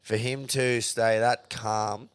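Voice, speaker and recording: Australian bloke co-host, tired and hyped, swears freely, laughs often, dry close-miked sound. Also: male voice, medium pitch, flat delivery, slow pace, clean tone, dry recording. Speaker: podcast co-host. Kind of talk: casual sports banter.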